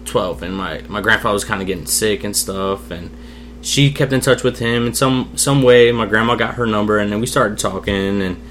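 A man's voice: fairly low pitch, normal speed, a bit bright, slight background noise. Candid young man telling his story. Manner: candid, swears freely, acts out quoted voices. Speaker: podcast guest. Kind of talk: casual storytelling over drinks.

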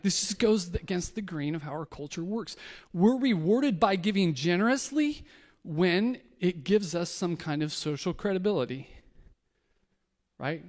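Guy pastor giving a chill storytelling sermon, kinda high voice, long echo in the church. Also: a little mellow. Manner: casual, storytelling, repeats words as he restarts. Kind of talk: conversational sermon.

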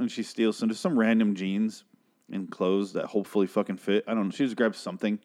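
A man's voice: on the low side, flat delivery, fast, a little mellow. A young man recapping and reviewing a TV episode in a rambling, sarcastic way, swearing freely and acting out the characters' lines. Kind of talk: casual recap and review monologue.

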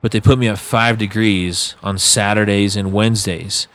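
A man's voice: on the low side, normal speed. A man telling stories about working club doors in a casual late-night chat, acting out quotes as he goes. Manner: animated storyteller, acts out quotes, swears casually. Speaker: podcast guest, former bouncer.

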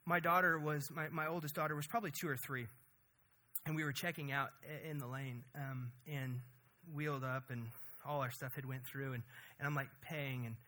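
A man preaching a conversational, energetic sermon as pastor, often asking "right?". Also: a little high.

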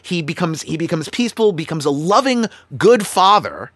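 A man co-hosting a casual film-review chat, talking animatedly with quick restarts and acting out characters' lines. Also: a little high, big pitch swings, a bit bright, dry recording, studio quality. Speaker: podcast co-host.

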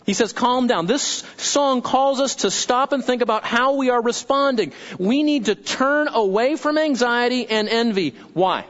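A man's voice: very high-pitched, measured pace, few pauses, a bit bright. A man preaches a sermon. He is emphatic and repeats his key phrases as he quotes scripture. The recording sounds dull and lo-fi. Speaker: pastor.

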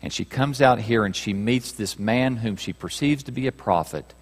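A man preaching a sermon, reading scripture aloud and moving between raised passages and hushed ones. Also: mid-range voice, normal speed. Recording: reverberant hall.

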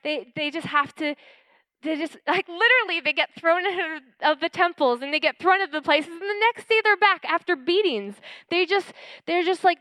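A woman pastor giving an earnest, animated sermon and telling personal stories. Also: very high-pitched, normal speed, dry recording.

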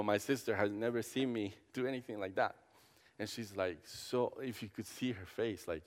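A man's voice: fairly low pitch, moderate pace. A campus pastor giving a conversational personal testimony sermon, restarting his sentences often and acting out the dialogue in his stories. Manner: conversational, with frequent restarts and fillers; acts out dialogue in storytelling. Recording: long hall reverb.

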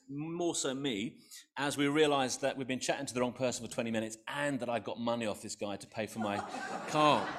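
A man's voice: mid-range voice, fairly bright tone. A middle-aged man, a preacher, opening his sermon with a self-deprecating personal story in a conversational storytelling manner.

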